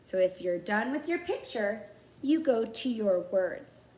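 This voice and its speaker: A woman's voice: a little high, big pitch swings, measured pace, a little mellow, reverberant. A woman kindergarten teacher giving a recorded lesson to young children, speaking in simple, encouraging teacher talk.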